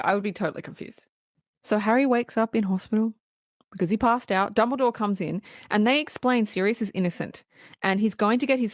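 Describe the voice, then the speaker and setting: A woman co-hosting a podcast, recapping a film's plot in steady, casual storytelling. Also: medium pitch, dry recording, studio quality. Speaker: podcast co-host.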